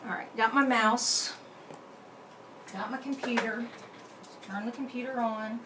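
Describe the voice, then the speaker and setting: Woman, chatty live-stream host, slightly high voice, echoey room, faint noise. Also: steady tone, a little slow. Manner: chatty, talks to herself while working the computer. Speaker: card-making channel host. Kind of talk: casual live stream chat.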